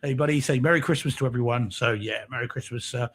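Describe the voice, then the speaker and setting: A man's voice: medium pitch, fast talker, breathy edge. Chatty man greeting a live chat. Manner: chatty, reads out and greets viewer comments. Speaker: podcast co-host. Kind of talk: casual live-stream chat.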